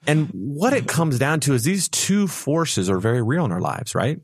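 A man's voice: medium pitch, very animated, normal speed, breathy edge, no echo, clean studio sound. A man co-hosting a financial radio show, explaining ideas in a playful, storytelling way and laughing at his own jokes. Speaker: financial advisor co-host. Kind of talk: conversational radio talk.

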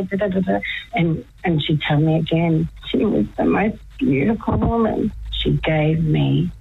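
A woman guest on a radio show telling a personal faith story, chatty, laughing often and sometimes dropping to a hushed whisper. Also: low voice, moderate pace, gravelly, narrow, tinny audio, slight background noise. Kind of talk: radio phone-in chat about faith.

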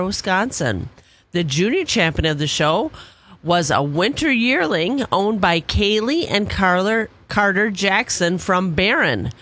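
A woman reading a farm news report on radio in a steady, matter-of-fact way. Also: mid-range voice.

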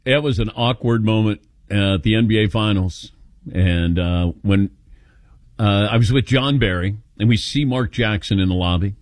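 A man's voice: lowish voice, moderate pace, no room sound. A man hosting a sports call-in radio show, telling stories and acting out the quotes. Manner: animated storyteller acting out quotes.

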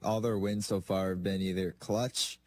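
A young man co-hosting a casual football chat, talking in halting bursts. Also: deep voice, little pitch movement, darkish tone. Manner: hesitant, halting. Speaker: co-host.

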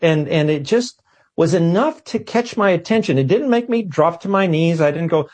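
A man telling his story as an interview guest, animated and self-deprecating with quick asides. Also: a little high. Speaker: guest, physicist.

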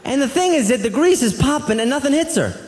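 A man doing a stand-up comedy set on a club stage, telling family stories in an animated way and acting out relatives in quick voices. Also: extremely high pitch, noisy background. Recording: roomy live venue with reverb. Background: audience laughter.

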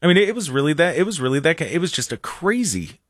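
A man hosting a casual sports talk show, excitable and rambling, with a sarcastic streak. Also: a little high, quick pace, dry recording, studio quality. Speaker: sports radio host.

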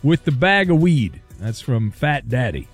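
A man hosting a talk radio show, brisk and jokey as he reads out listener messages. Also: mid-range voice, big pitch swings, breathy edge, faint music behind. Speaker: sports radio host.

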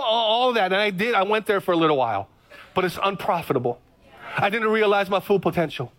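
Man, middle-aged, pastor, storytelling sermon, high pitch. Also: lively intonation, fast talker, a bit bright. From Hawaii. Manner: storytelling, conversational with repetitions. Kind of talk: sermon on radio.

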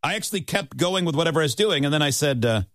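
Rock radio host, male, mid-pitched, animated delivery, dry studio sound. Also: quick pace, no echo. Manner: conversational, lively storytelling.

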